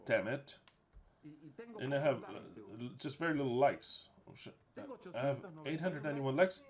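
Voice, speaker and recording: A man's voice: mid-range voice, expressive, unhurried. A man giving a live spoken interpretation of a sermon talk, agitated and emphatic, cursing and repeating himself. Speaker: interpreter voicing the preacher.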